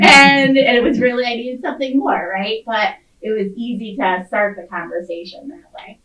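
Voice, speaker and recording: A chatty middle-aged woman with a fairly high voice speaks on a panel and fills her talk with likes. She sounds set back from the mic, and the room adds a noticeable echo. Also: normal speed, few pauses, crowd noise. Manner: chatty, laughing, lots of likes. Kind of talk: casual panel discussion. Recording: echoey, from far off.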